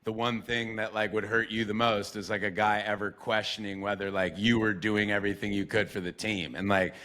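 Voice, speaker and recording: A man's voice: lowish voice, little pitch movement, a little fast, bright, forceful tone. A man hosting a podcast in casual interview chat, laid-back, filling his talk with "like" and cursing freely. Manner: laid-back, swears freely, says like a lot. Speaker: podcast host.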